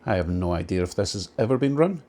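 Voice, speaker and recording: A man's voice: sits low, lively intonation, quick pace, a little mellow. A man hosting his model railway channel, giving casual, enthusiastic commentary that pokes fun at himself as he runs a model train around his layout at home. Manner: chatty, enthusiastic, lightly self-mocking.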